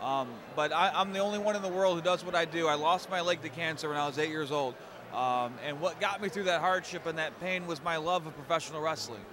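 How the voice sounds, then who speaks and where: A friendly man in his thirties talks easily and repeats himself as he answers, dropping "man" into his sentences. His voice sits a little high, with a loud crowd around him. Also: brisk. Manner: friendly and chatty, repeats words and says "man" often. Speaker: professional wrestler guest. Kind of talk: casual interview answers. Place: outdoors at a busy fan convention. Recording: crowd noise behind.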